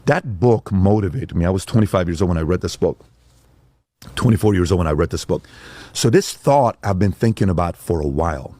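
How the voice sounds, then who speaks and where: A middle-aged man and father telling a story in casual talk, animated and acting out quotes in voices. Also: low-pitched, a little fast, dry recording. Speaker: father and speaker.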